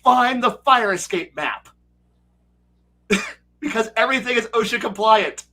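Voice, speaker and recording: A man telling game master stories in casual livestream chat, excitable and rambling, with frequent swearing. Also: very high voice, measured pace. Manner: excitable, rambling, profane storytelling. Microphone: streaming setup mic.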